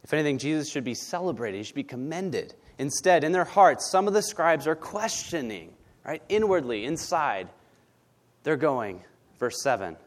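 A man's voice: a little high, sing-song, normal speed. Blunt, conversational male preacher. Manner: blunt, conversational, tag questions. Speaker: pastor. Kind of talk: sermon.

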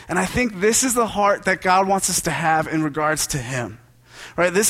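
A man's voice: fairly high pitch, pushed and bright. A young adult man, a pastor, giving a casual sermon built on personal stories, joking and conversational with lots of asides.

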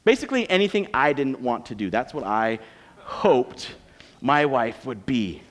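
Here the pastor's medium-pitched voice turns sing-song, unhurried, and a bit bright. He's an American preaching a sermon in a conversational, joking way, and the church hall adds long reverb to the recording.

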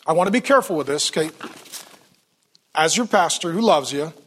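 A man's voice: on the high side, animated, fairly quick, breathy edge. A man preaching a sermon as pastor in a church, telling stories with playful acted-out quotes.

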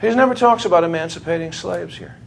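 A man's voice: sits high, quick pace, creaky, a little hiss or hum. A man giving a history lecture to a class, telling stories animatedly and laughing as he talks. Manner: animated storyteller, laughs while talking. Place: lecture room with students.

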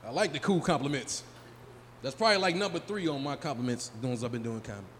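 A man's voice: mid-range voice, quick pace, fairly bright tone. A man in his forties doing a loose, profane stand-up set and riffing with the crowd at a live comedy venue on a handheld mic. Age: 40s. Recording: live room reverb, faint crowd noise.

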